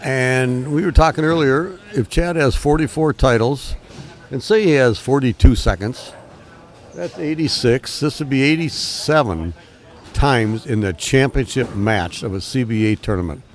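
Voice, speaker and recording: A man giving casual commentary on a bowling tournament, chatty and quick to laugh as he announces the matchups. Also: mid-range voice.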